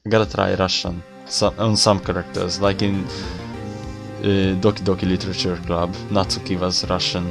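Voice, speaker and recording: A man's voice: low-pitched, fairly even intonation, normal speed, gravelly. A man streaming a game, chatting offhand and joking as he reads it aloud. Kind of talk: casual commentary while reading a game aloud. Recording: game music playing behind.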